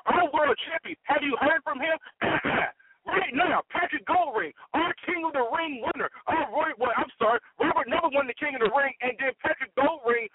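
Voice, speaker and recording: A man cutting an angry, trash-talking wrestling promo over a tinny phone line. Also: very high voice. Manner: ranting, brash, trash-talking. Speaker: wrestling persona guest.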